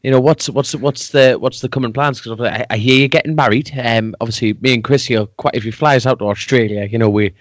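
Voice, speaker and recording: A man's voice: medium pitch, steady tone, fast talker, few pauses, no echo. A man hosting a podcast, chatting casually with a joking, self-mocking manner. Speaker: podcast host.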